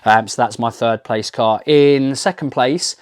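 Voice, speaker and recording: A man hosting his own car channel, speaking casually and unscripted. He gushes with enthusiasm, full of ums, half-finished phrases and restarts. His voice sits at an ordinary mid pitch. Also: unhurried, clean tone. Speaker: car review channel host. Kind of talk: casual unscripted talk to camera.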